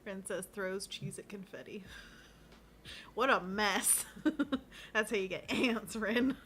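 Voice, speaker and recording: A woman of middle pitch co-hosts a casual livestream, talking viewers through stretches and chatting. She is light, giggly and playful. A faint hiss of noise sits behind her. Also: slow, fairly bright tone. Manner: guides a hand-stretch routine, giggly and playful. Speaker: co-host of an art livestream.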